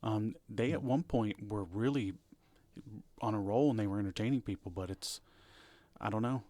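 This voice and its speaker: A man's voice: on the low side, normal speed, warm tone, no echo. A man co-hosting a podcast, talking casually and rambling, with restarts and fillers. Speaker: podcast co-host. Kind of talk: casual chat.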